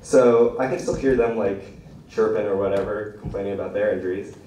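A man's voice: lowish voice, a little fast, warm tone, a little hiss or hum. A young man telling a rambling, self-deprecating stand-up story at an open mic, often laughing at his own jokes. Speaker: stand-up comedian. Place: small room at an open mic. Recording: echoey room from a distant mic.

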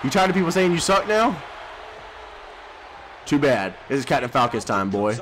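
A man doing loud, profane, brash trash talk while commentating his own wrestling game, with mock-tender jabs at his opponent. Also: medium pitch, very animated, moderate pace, slight background noise. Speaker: gaming YouTuber.

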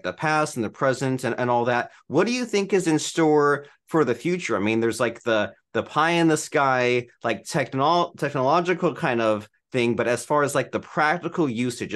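A man hosting a podcast, chatting casually and peppering his speech with "like" and restarts. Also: mid-range voice. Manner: filler-heavy, says "like" constantly. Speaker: podcast host. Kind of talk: casual interview chat.

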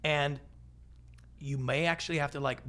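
A middle-aged man, a guest on an interview show, talking casually and acting out little quoted voices as he tells stories. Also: on the high side. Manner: animated storyteller, acts out quoted voices, quick asides. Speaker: podcast guest, pitching expert.

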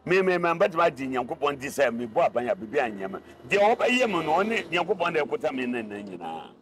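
An older man from Ghana with a Ghanaian accent, a veteran cargo driver who is the guest in an interview, telling his stories in an animated way and repeating words for stress. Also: medium pitch, fast, a faint crowd, a little hiss or hum. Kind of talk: casual interview talk.

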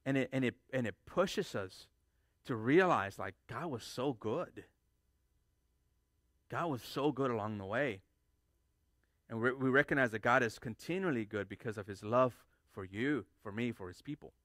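A man's voice: medium pitch, expressive, moderate pace, a bit bright, dry recording, clean studio sound. A man preaching a sermon as pastor, emphatic, repeating key phrases for stress and often restarting his words.

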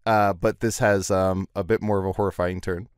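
A man co-hosting an improv comedy podcast, giggly and halting as he sets up riddles and scenes. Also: deep voice, flat delivery, smooth, no room sound, studio quality. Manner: giggly, halting, many fillers. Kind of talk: casual comedic banter.

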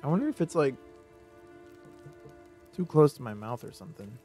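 A man streaming a game, rambling in casual commentary with sudden excited outbursts. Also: on the high side, moderate pace, breathy edge, soft background music.

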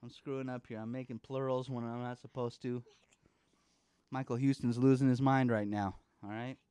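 A man's voice: mid-range voice, little pitch movement, normal speed, mellow, clean tone, no echo. A man in his thirties from the Bay Area, hosting a casual chat show, rambling and joking with some swearing. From Bay Area, California. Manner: rambling, profane, jokey, baby talk to his son. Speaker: podcast host. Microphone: studio microphone.

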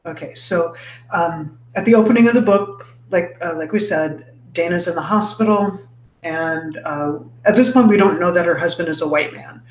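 A woman's voice: fairly low pitch, normal speed. Chatty woman in an echoey room. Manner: rambling retelling with many fillers and restarts. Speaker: podcast co-host. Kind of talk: casual book-club chat. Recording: roomy echo, faint background noise.

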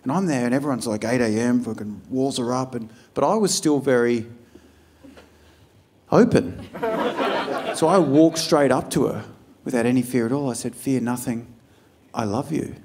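An Australian man doing a stand-up set, telling stories in a loose, profane, animated way and acting out what people said. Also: mid-range voice, normal speed, pauses often, a little hiss or hum. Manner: profane, animated storytelling with acted-out quotes. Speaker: stand-up comedian. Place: comedy club stage before a live audience. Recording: live club crowd audible. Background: audience laughter.

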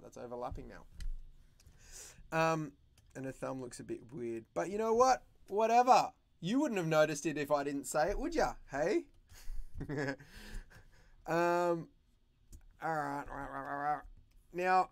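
A man hosting a drawing livestream for kids, talking in a playful, animated and jokey way as he teaches. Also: fairly high pitch.

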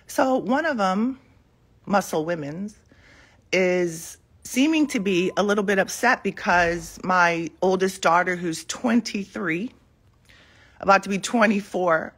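Lady in her 40s rambling to her viewers on a phone at home, lowish voice, lots of ums. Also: fairly bright tone. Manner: chatty, rambling, many ums. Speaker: vlogger. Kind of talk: casual live chat to viewers. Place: home in the morning. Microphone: phone held in hand.

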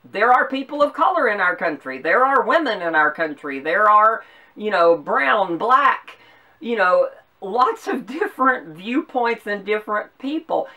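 A woman from the American South with a Southern accent, hosting an opinion commentary with earnest, emphatic delivery and measured pauses. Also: mid-range voice, animated, sharp tone, far from the mic. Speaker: host.

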